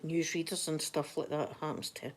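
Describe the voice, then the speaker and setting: A woman's voice: low-pitched, steady tone, moderate pace. Scottish woman, casual live-stream chat, rambling storyteller, laughs a lot. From Scotland.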